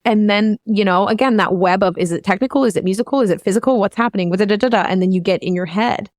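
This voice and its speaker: A woman's voice: medium pitch, quick pace, no room sound. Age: unknown. Sex: woman. Role: vocal coach host. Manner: rambling, earnest, emotionally open. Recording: dry. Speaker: vocal coach hosting a podcast. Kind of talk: candid podcast conversation.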